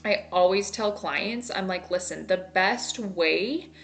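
A woman's voice: mid-range voice, slow. A woman in her thirties, a marriage coach teaching solo on a podcast, talking in a chatty way and acting out her own thoughts.

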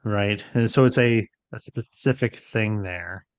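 A man's voice: lowish voice, measured pace, smooth, no room sound. A man co-hosting a podcast, explaining ideas in casual conversation and often checking in with "right?". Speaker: podcast co-host.

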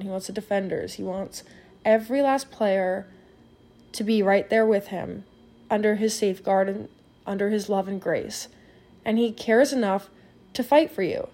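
Earnest woman with a mellow voice. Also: mid-range voice. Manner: earnest, encouraging, addresses listener directly. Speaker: devotional speaker. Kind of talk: spoken devotional retelling a parable.

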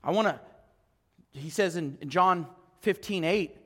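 A male pastor preaching a sermon in a conversational way, full of rhetorical questions, swinging from loud emphasis to quiet, low asides. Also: a little slow, pauses often, long reverb tail. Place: church sanctuary.

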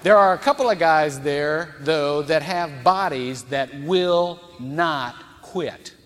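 A male pastor preaching a storytelling sermon in a conversational, folksy and animated manner. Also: fairly high pitch, takes it slowly. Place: church sanctuary. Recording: long church reverb.

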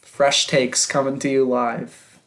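A man's voice: medium pitch, little pitch movement, takes it slowly, a bit bright. A man co-hosting a casual podcast chat, teasing his friends in a wry way. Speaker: podcast co-host.

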